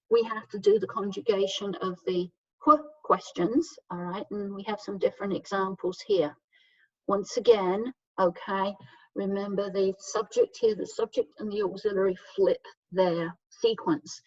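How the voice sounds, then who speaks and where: Patient woman English teacher, slows down for example sentences; dull, far-off mic in a dry room. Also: mid-range voice, no echo. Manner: patient, explains step by step, often checks with "okay?"; reads example sentences slowly and clearly. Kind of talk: grammar lesson for learners.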